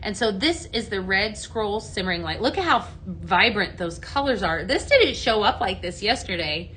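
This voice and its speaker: A woman's voice: medium pitch, animated, normal speed, a bit bright, slight background noise. A woman from the American Midwest hosting a live product demo, chatty and enthusiastic, greeting viewers by name. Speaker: home fragrance consultant hosting a live sale.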